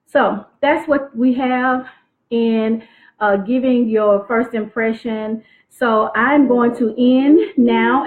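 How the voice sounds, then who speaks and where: A woman teaching teen girls on a live stream, speaking clearly and expressively. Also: fairly high pitch. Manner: clear, articulate, expressive delivery. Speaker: youth self-esteem coach. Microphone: phone livestream. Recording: tinny phone-like livestream audio.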